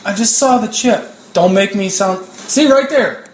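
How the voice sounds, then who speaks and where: A man's voice: high voice, measured pace. A man co-hosting a casual podcast, brash and crude, joking and teasing his co-host. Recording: echoey room with faint noise.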